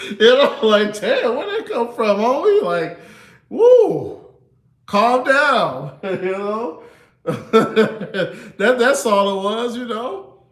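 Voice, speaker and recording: Hosting a laid-back livestream, a thirtysomething man speaks in a high, expressive voice, stretching out words and leaving long pauses, all with a reverberant sound. He chuckles easily and tags phrases with "you know" and "man."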